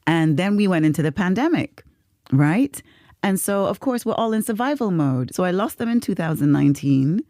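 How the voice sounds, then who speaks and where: Lively, expressive woman chatting. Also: on the low side, normal speed, no echo, clean studio sound. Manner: expressive storyteller, laughs often. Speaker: podcast co-host. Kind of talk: casual podcast chat.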